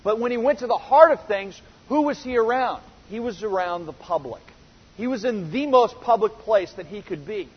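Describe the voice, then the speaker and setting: Man, Bible teacher, high husky voice, earnest, rhetorical questions, restarts, echoey hall, muffled lo-fi sound. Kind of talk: verse-by-verse Bible lesson. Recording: reverberant hall, dull lo-fi sound.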